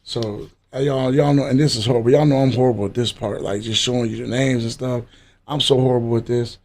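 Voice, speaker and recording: A man's voice: mid-range voice, steady tone, fairly quick, darkish tone. Chatty livestream host, man. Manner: loose, chatty, talks straight to viewers. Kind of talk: casual live-stream chat.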